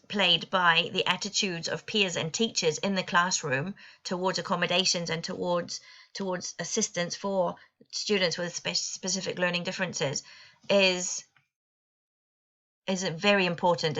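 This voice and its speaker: A woman giving an online presentation to teachers, explaining clearly with a lightly wry touch. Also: on the low side, bright, forceful tone. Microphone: computer mic on video call.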